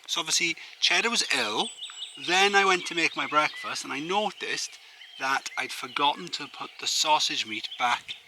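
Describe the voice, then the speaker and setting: A man's voice: medium pitch, noisy background. A man from the United Kingdom vlogging casually outdoors at a campsite, chatty and rambling with plenty of fillers. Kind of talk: casual camping vlog to camera.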